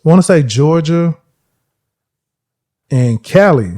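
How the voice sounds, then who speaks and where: A man's voice: a little high, lively intonation, slow, darkish tone. A man hosting a casual sports podcast, slangy and laid-back, chuckling often. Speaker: podcast host.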